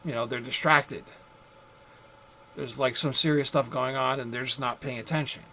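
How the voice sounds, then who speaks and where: The man's medium-pitched voice is sharp and fairly even in intonation, moving at a moderate pace. He gives a loose, conversational psychology lecture with rhetorical asides and acted-out angry drivers. This classroom recording is low quality, with slight background noise.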